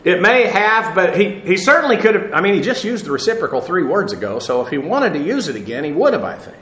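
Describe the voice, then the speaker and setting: A man teaching a Bible lesson in sermon style, explaining Greek words slowly with many filler sounds. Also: high voice, very animated, fairly bright tone, a little hiss or hum. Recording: echoey room sound.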